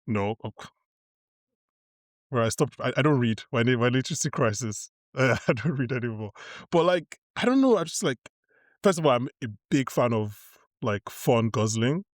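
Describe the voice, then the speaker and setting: A man's voice: medium pitch, expressive, moderate pace, no room sound. Male podcast host, casual and rambling, dry close-miked sound. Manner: rambling, filler-heavy, laughing. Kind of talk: casual chat.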